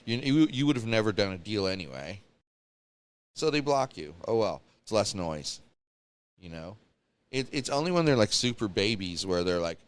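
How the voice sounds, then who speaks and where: Animated ranting male podcast co-host. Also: lowish voice, moderate pace. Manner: animated, ranting, mocking quotes. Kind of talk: casual chat.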